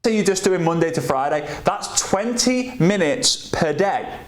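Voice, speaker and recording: Male sales coach, measured and instructional, roomy echo on the voice. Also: sits high, animated. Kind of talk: instructional talk.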